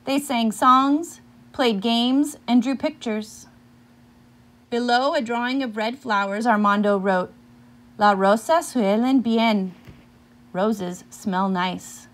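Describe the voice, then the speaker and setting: A woman reading a picture book aloud, pausing now and then to ask her listeners questions about the story. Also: fairly high pitch, fairly bright tone.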